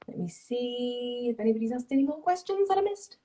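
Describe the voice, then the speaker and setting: A woman's voice: a little high, very animated, normal speed, few pauses, warm tone. A young woman hosting a casual livestream, chatty and encouraging, with a thin, distant phone-stream sound. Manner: encouraging, chatty, giggly asides. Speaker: livestream host. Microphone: phone on a video livestream.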